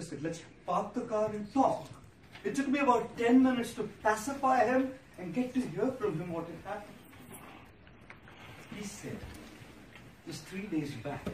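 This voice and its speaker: A man, a monk giving an inspirational public speech, telling stories and listing words with pauses for effect. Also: high-pitched. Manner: storytelling, rhetorical, lists words with pauses. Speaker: monk giving a motivational talk. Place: large hall before an audience. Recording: echoey hall, distant mic, noisy.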